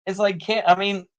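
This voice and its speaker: A man's voice: sits high, a bit bright. Rambling male commentator, filler-heavy. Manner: rambling, many "you know" fillers, laughs often. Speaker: political commentator streamer.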